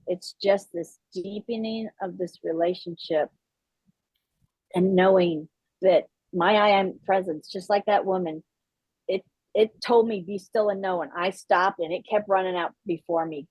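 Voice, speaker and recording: A woman's voice: on the low side, moderate pace, darkish tone, husky, no room sound. A woman co-hosting a spiritual talk show, speaking in an earnest, reflective way. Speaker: co-host. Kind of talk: spiritual casual chat.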